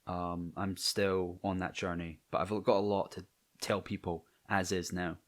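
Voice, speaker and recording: A man's voice: deep voice, little pitch movement, measured pace. A young Scottish man from near Edinburgh talking to camera in a personal vlog, hesitant and self-conscious, with many ums and restarts. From Scotland. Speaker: channel host.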